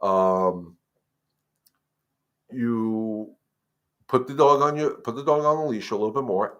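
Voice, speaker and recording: Guy dog trainer chatting live to viewers, lowish voice, firm when he lays down rules. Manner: conversational, repeats words, addresses viewers as guys. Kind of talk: casual live-stream advice.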